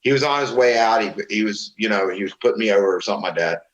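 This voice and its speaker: A man's voice: on the low side, quick pace, reverberant, dull audio. A middle-aged man from Florida, a former wrestler, telling profane stories in a casual interview and acting out what others said. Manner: profane, animated storytelling with voiced quotes. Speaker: guest, former pro wrestler.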